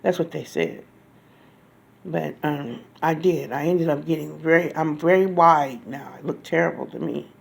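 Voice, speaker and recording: Woman, very creaky gravelly voice, casual rambling storytelling, halting, restarts. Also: sits low. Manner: acts out quoted lines in a raised voice.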